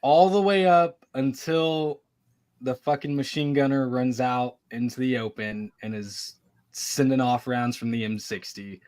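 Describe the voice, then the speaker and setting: A man's voice: mid-range voice, measured pace, a little mellow. A man on a casual panel debate who talks bluntly and swears freely.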